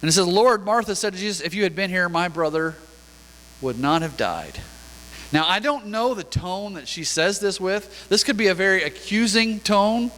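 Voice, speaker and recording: A man's voice: high-pitched, lively intonation, moderate pace, a bit bright. A man preaching a sermon as pastor, reading scripture aloud and talking through it in a conversational way. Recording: long reverb of a church hall.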